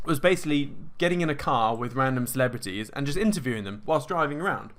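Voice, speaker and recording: A man talking casually and at length in an energetic, self-assured way, full of fillers and restarts. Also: medium pitch, fast. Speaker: host answering viewer questions. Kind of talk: casual monologue.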